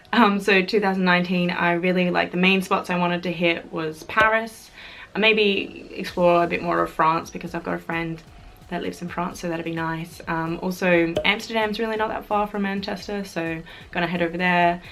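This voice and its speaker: A woman's voice: fairly low pitch, fairly bright tone. A young Australian woman chatting casually to camera in a vlog, bubbly and chatty with fillers and giggles. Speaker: YouTuber.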